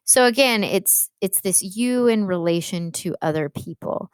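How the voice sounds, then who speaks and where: A woman's voice: mid-range voice, unhurried, hardly any pauses, smooth, no room sound. A woman English teacher explaining a poem in a patient classroom lecture, with frequent fillers.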